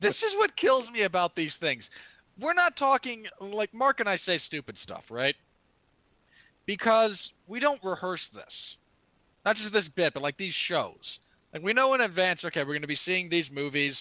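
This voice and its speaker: A man's voice: sits high, big pitch swings, moderate pace, no room sound. A man co-hosting a film review podcast, talking in a rambling, candid, self-correcting way. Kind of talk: casual review chat. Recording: tinny phone-like line, dry.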